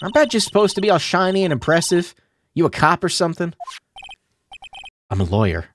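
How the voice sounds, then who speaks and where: Streamer doing a loud southern country girl voice, pitched way up, swoopy drawl, little game music under it. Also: big pitch swings, a little hiss or hum. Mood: brash. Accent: put-on American Southern drawl. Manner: sassy, folksy, quick to scold. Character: loud brash young Southern woman photographer. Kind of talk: streamer reading game dialogue aloud.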